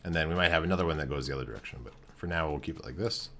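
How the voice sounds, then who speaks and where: A man thinking aloud in casual commentary as he builds in a game. He talks in a relaxed, halting way, full of fillers and restarts. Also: a bass voice, slight background noise. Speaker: game streamer.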